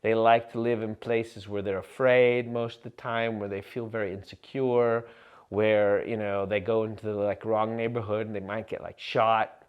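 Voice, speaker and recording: A man vlogging to camera in a rambling, absurd comic monologue full of fillers and deadpan jokes. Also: on the low side, moderate pace, smooth, dull audio.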